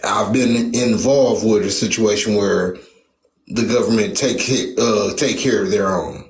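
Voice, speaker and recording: A man talking in a casual debate, hesitant and halting, often restarting his sentences. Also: fairly low pitch, steady tone, echoey room.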